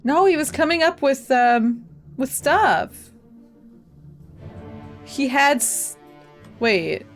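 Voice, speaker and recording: Slow-talking playful woman streamer. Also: high voice, expressive, faint music behind. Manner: chatty, self-deprecating, laughs often. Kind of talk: casual live game commentary.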